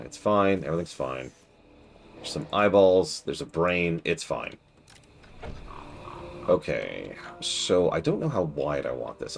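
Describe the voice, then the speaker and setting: A low, gravelly man streaming a game, his pitch swinging widely as he talks. He teases the characters on screen with sarcastic, mock-dramatic asides. Faint music plays behind him.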